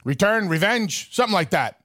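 A man's voice: high voice, expressive, fairly quick, sharp tone, no room sound, clean studio sound. A male radio co-host in bantering talk, earnestly and playfully defending his fandom.

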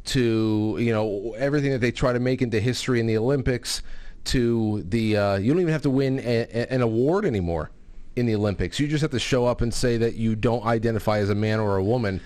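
A man's voice: mid-range voice, a little mellow. Male call-in show host. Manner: halting, many restarts. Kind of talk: casual call-in radio talk.

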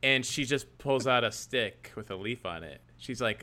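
A man's voice: medium pitch, expressive, normal speed, sharp tone. A man co-hosting a casual chat, telling a story and laughing as he goes. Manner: storytelling, laughs mid-sentence. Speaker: podcast co-host.

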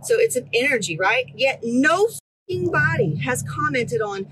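A woman's voice: high-pitched, animated, a little slow, a bit bright, slight background noise, poor audio. A woman in her thirties, a fitness coach ranting bluntly at her group, profane and exasperated. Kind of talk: blunt motivational rant.

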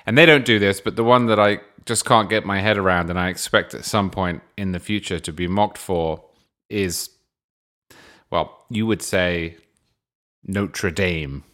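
English guy hosting his podcast, lowish voice, dry jokey tone. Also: normal speed, a bit bright. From England. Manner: wry, dry humor. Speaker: podcast host. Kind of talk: podcast monologue answering listener questions.

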